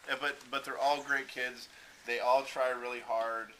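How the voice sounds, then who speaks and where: A man gives a junior varsity coach's banquet speech, spinning anecdotes and slipping into quoted lines from the kids. His voice sits at a middling pitch, and steady noise runs behind it. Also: unhurried. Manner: storytelling, acts out players and himself. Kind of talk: banquet speech telling stories. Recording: noisy room recording.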